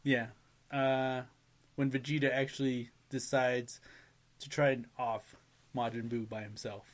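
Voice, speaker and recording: A man's voice: medium pitch, flat delivery, unhurried. A young man co-hosting a casual podcast chat, telling stories animatedly, laughing often and swearing freely. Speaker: podcast co-host.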